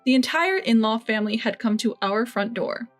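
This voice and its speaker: A woman narrating a first-person family story in an even, measured way. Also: a little high, soft background music.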